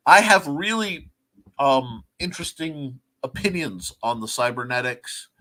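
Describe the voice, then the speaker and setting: A man's voice: medium pitch, pushed and bright. A man hosting a casual livestream chat show, rambling with lots of fillers and restarts as he talks to his viewers. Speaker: talk show host.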